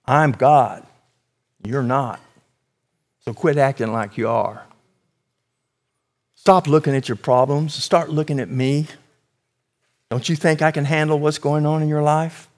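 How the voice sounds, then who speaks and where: A male preacher voicing God, who answers calmly and gently in soft, quiet reassurance. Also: on the high side, unhurried, pauses often, close to an everyday voice. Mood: gentle. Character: calm, gentle God comforting a child.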